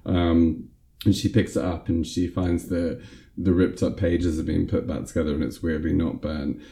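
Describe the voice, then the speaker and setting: A man talking through a film's plot in casual chat, full of ums and likes. His voice is very low and mellow. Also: flat delivery, normal speed, gravelly. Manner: rambling, lots of fillers. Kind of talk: casual film recap chat.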